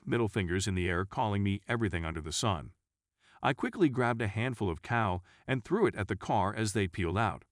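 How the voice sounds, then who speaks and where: A man's voice: fairly low pitch, no echo, clean studio sound. A man reading online stories aloud as scripted narration, voicing each dialogue tag as a letter. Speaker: story narrator.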